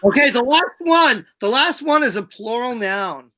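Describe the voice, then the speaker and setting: Giggly bright-voiced woman host. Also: on the high side, animated, a little slow. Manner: playful, breaks into giggles while reading. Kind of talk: casual live-stream chat.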